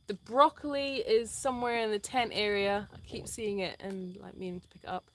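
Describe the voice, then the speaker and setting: A woman's voice: medium pitch, steady tone, moderate pace, a bit bright, slight background noise. A woman co-hosting a casual live stream from an animal sanctuary. She talks in a chatty, hesitant way with many "um"s and breaks off to talk to the dogs. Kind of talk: casual live-stream chat, reading viewer comments.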